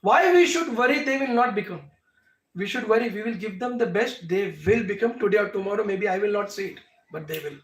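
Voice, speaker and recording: A man's voice: high-pitched, animated, brisk, fairly bright tone. A man with an Indian accent teaching a devotional class, answering questions emphatically with rhetorical questions. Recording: echoey room, mic far off.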